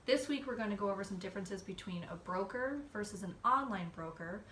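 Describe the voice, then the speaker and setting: A chatty woman with a cold co-hosts a podcast, her voice bright and a little forward. She sits back from the mic in an echoey room. Faint noise hums underneath. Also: medium pitch, brisk, far from the mic. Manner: chatty, laughs often, with fillers. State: has a cold. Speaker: podcast co-host. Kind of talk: casual podcast chat.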